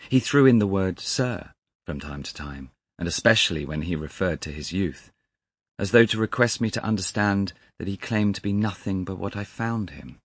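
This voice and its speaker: A man narrating a classic story as an audiobook in a measured, deliberate manner. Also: deep voice, slightly rough, no room sound.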